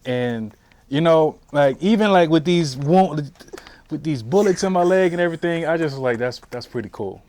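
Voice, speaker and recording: Slightly high and darkish, the man's voice moves at a normal speed. Recounting his time in the military for an oral history interview at a history center, he chats casually, full of fillers and false starts.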